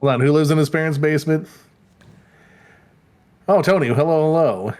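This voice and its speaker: A man's voice: fairly high pitch, normal speed, a little mellow. Chatty man co-hosting a podcast. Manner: chatty, rambling, laughs often. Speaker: podcast co-host. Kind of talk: casual live-stream chat.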